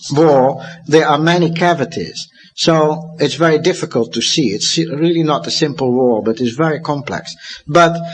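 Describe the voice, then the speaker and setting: Give me a Dutch man in his fifties with a slightly high voice, lecturing emphatically. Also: a little hiss or hum. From Netherlands. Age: 50s. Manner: emphatic, with sudden rises to high excitement and drops to low, quiet asides.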